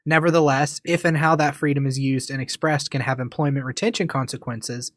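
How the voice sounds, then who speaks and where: A man co-hosting a casual podcast, reading listener comments aloud in an even, deadpan way. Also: mid-range voice, a little fast, dry recording, studio quality. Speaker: podcast co-host. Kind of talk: casual chat.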